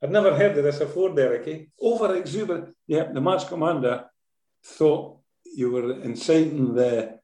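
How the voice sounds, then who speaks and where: A Scottish man with a mellow, warm voice tells animated stories from his football management days, often ending sentences with "eh?". He is recorded in an echoey room. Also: a little high, normal speed. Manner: lively storyteller, tags sentences with "eh?". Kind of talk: anecdotal interview storytelling.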